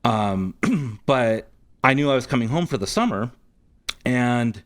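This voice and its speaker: A man's voice: medium pitch, animated, measured pace. A man guest on a podcast, telling a story casually with many ums and likes. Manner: rambling, frequent ums and likes.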